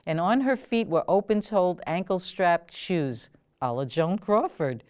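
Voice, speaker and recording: A woman, the host and author, reading her own memoir aloud in a slow, deliberate storytelling manner. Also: fairly low pitch, expressive, a little mellow, smooth.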